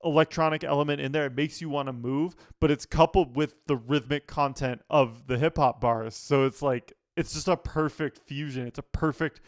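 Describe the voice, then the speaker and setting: A man's voice: fairly high pitch, steady tone, normal speed, hardly any pauses, no echo, clean studio sound. A man, a music producer, giving an enthusiastic, analytical reaction to an album in casual talk, often leaning on "like" as a filler.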